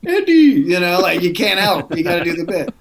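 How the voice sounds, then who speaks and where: A man's voice: high voice, big pitch swings, a little fast. A man playing a rambling, laid-back Jesus. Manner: easygoing, rambling, many fillers. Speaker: guest. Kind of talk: improvised comedy podcast bit.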